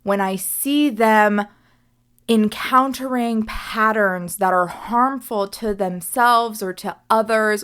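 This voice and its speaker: A young woman hosting a reflective solo podcast as a coach, speaking earnestly and often checking in with "right?". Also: mid-range voice.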